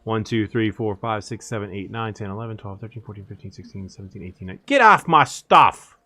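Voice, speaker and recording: A man's voice: on the low side, flat delivery, quick pace, no echo. A young man casually chatting to his live-stream viewers while he plays, rambling and counting under his breath. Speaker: game streamer.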